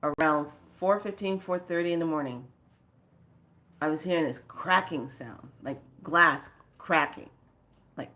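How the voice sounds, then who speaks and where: A woman who teaches spirituality, telling a story casually in a drawn-out way, full of filler phrases. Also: deep voice, pushed and bright.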